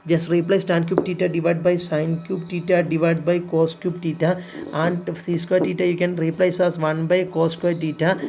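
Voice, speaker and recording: A man's voice: fairly high pitch, little pitch movement, moderate pace, vocal fry, darkish tone. A man teaching a recorded math lesson, explaining patiently step by step, repeating himself and pleading with students to practise.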